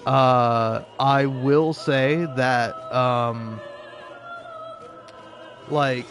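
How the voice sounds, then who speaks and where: A man's voice: mid-range voice, fairly even intonation, extremely slow, a bit bright, soft background music. A man talking in a rambling, casual commentary style, sarcastic and profane, laughing often between his points. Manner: rambling with frequent restarts. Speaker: gaming video creator.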